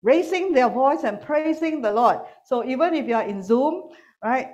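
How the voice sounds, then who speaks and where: Animated woman preaching with teasing humor. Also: high voice, normal speed. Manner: animated, teasing, swings between loud and quiet. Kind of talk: sermon with humor. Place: church hall with online congregation.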